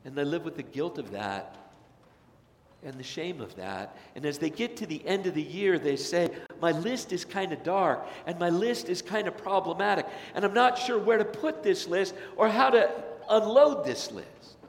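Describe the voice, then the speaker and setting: A man preaching a sermon as pastor, dramatic, acting out quoted voices and swinging between loud and soft. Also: high voice, expressive, moderate pace, few pauses. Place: church sanctuary. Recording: echoey hall with long reverb.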